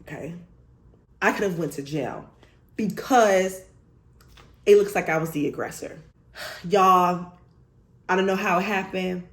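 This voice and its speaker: A young woman vlogger telling a storytime story in an animated, emphatic way, swearing freely. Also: fairly low pitch, measured pace, pauses often. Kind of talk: storytime vlog. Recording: roomy echo.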